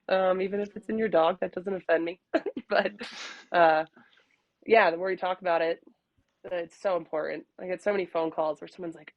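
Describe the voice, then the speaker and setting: A woman's voice: fairly low pitch, fairly even intonation, moderate pace, dry recording, highs cut off. A young woman chatting candidly as a podcast guest, often laughing. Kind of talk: casual podcast conversation.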